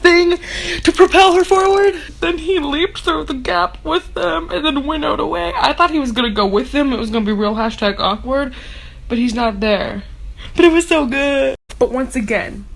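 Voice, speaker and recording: A woman's voice: high voice, normal speed, gravelly, low-quality recording. A young woman vlogger reacting to a fantasy novel in a dramatic, sarcastic, gushing fangirl ramble. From Texas. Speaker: book vlogger.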